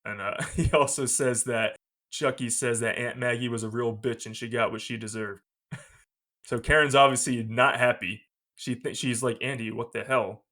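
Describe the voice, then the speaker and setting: Man, podcast host, casual movie recap, animated, laughs a lot, mid pitch. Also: normal speed. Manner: animated, laughs often while retelling.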